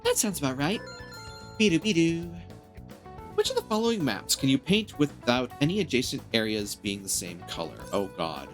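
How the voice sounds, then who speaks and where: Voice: mid-range voice, wildly swooping pitch, fairly quick, few pauses, faint music behind. A streamer chatting with friends and reading game dialogue and quiz questions aloud. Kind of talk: let's-play chat and reading aloud.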